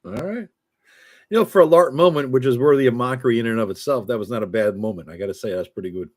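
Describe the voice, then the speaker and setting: A man hosting a casual interview, briskly prompting his guest. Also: medium pitch. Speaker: interview host.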